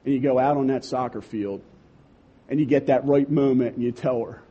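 A young man preaching a sermon, impassioned, swinging from loud urging to quiet emphasis. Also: medium pitch, steady tone, normal speed, breathy edge, highs cut off.

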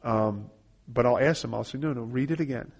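A man's voice: mid-range voice, fairly quick, creaky, slightly rough. Earnest man explaining a gospel tract. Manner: earnest, reads scripture aloud and explains step by step. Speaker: evangelism trainer. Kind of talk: instructional talk walking through a gospel tract.

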